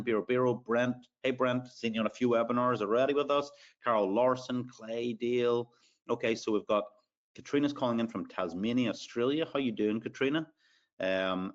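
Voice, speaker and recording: A man's voice: medium pitch, dull audio. A man with an Irish accent hosts a live sales webinar. He talks in a chatty way, with many fillers, and reads out audience names as he goes. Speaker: webinar host.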